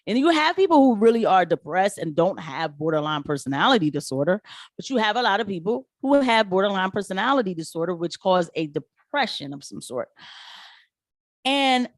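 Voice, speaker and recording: A nurse addresses her viewers directly in a casual, animated vlog, chatting about her job. When she quotes people in her stories, she slips into quick put-on voices. Her mid-range voice sounds close and dry, with no room echo.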